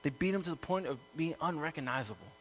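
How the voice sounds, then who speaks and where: A man preaching a sermon to a congregation, building from calm teaching to loud, impassioned peaks. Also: a little high, quick pace, a little hiss or hum. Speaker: pastor. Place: room with an audience.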